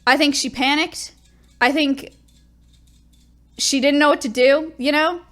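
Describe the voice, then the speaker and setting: A young woman with a high, bright voice chats casually to her stream, rambling from one story to the next. She runs herself down with an easy humor and keeps circling back to restart her sentences. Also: fairly even intonation, measured pace. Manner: rambling, self-deprecating storytelling. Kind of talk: casual chat.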